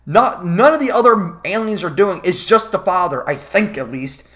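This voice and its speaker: A man's voice: sits high, lively intonation, normal speed, a bit bright. A man giving a profane, sarcastic commentary rant about a movie, sounding exasperated. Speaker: movie reviewer.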